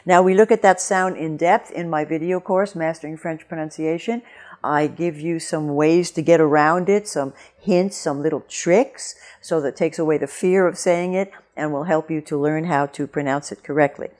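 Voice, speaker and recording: A woman teaching French pronunciation in a video lesson, clear and deliberate, slowing down to model each sound. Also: deep voice, steady tone, a little mellow.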